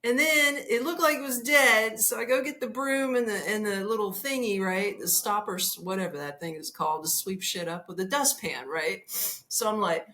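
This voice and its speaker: A woman hosting a podcast, telling a comic travel story in an animated, profane way and laughing as she goes. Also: medium pitch, moderate pace. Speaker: podcast host.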